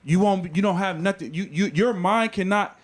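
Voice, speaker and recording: A man's voice: high-pitched, moderate pace, slight background noise. A young man on a casual podcast, reasoning his point through in a philosophizing way with some big words.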